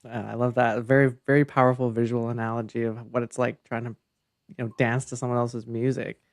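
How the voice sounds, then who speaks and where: A male podcast host answers his guest in an affirming, encouraging manner. His voice sits at a middle pitch. The recording is dry, with no room echo. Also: little pitch movement, brisk. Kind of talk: interview conversation.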